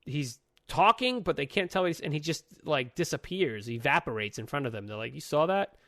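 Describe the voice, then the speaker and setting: Young dude ranting about comics, cusses a ton, voice bounces all over, super dry mic. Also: male voice, fairly high pitch, brisk, no echo. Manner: profane, animated, acts out characters' lines. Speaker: podcast co-host. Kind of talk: casual comic book review chat.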